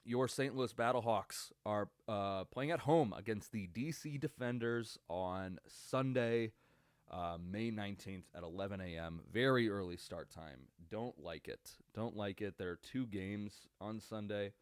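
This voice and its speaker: A young man hosts a casual solo sports podcast from a home computer setup, rambling and swearing with plenty of fillers and restarts. His voice sits on the low side and moves a little slowly, smooth and studio-clean with no room sound, though it's recorded through a computer webcam.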